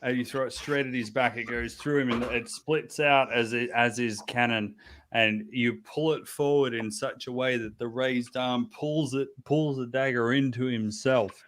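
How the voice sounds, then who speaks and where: A man's voice: medium pitch, steady tone, moderate pace, a bit bright, a little hiss or hum. A man narrating as game master, with many restarts and fillers.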